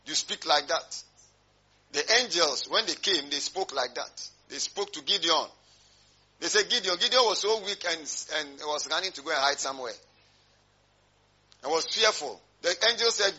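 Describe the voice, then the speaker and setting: A man's voice: fairly high pitch, animated, moderate pace, pauses often, pushed and bright, breathy edge, lo-fi sound. A male pastor preaching a sermon, emphatic and rhetorical, drawing call-and-response from his congregation.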